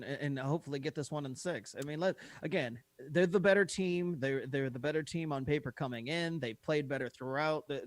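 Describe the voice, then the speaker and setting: A man's voice: a little high, dry recording. A man giving casual, fan-minded sports analysis on a podcast, often restarting his words. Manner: eager fan, stammers on restarts. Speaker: podcast co-host.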